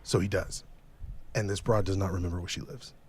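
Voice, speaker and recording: Profane, animated young man telling a story. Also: low-pitched, brisk, a little hiss or hum. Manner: profane, animated, acts out quotes in raised voice. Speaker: podcast guest. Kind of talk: casual storytelling.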